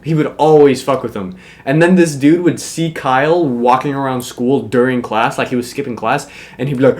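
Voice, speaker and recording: A man's voice: medium pitch, moderate pace. A young man casually telling a funny school story, swearing often and laughing as he goes. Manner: animated, profane, laughs while telling.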